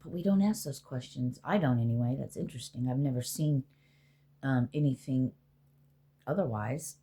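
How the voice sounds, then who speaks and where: A woman's voice: extremely low pitch, normal speed, dark tone, breathy edge. A middle-aged woman, a spiritual healer, rambling casually and with profanity as she talks to spirits aloud.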